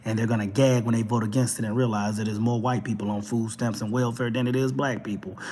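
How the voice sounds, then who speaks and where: Texan guy going off on a rant, husky voice, reverby room. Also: mid-range voice. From Texas. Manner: animated, preachy, mocking. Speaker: talk show host. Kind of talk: opinionated monologue.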